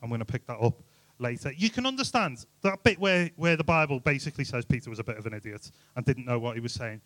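A man's voice: medium pitch, animated, quick pace, a bit bright, dry recording. Chatty man preaching to youth. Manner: chatty, jokey, rhetorical questions. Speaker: youth speaker. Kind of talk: informal youth sermon.

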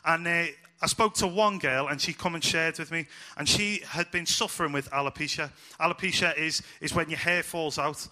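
A man's voice: fairly high pitch, normal speed, few pauses. A young man giving a casual, storytelling sermon to children, chatty and acting out the voices of the people in his stories. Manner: chatty, animated, acts out voices in quotes.

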